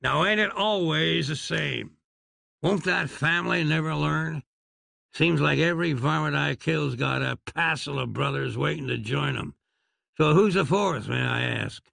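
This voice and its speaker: A man voicing a sardonic Western gunslinging dentist with a slow, folksy drawl and a gravelly, dry sound. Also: fairly high pitch, sharp tone, dry recording, heavily acted. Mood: wry. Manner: wry, unhurried and folksy.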